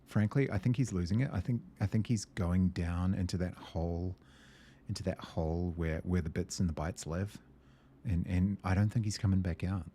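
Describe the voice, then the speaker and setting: Deep-voiced man thinking aloud over a puzzle game. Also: moderate pace, a little hiss or hum. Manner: muttering to himself, hesitant, excitable. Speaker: gameplay video host.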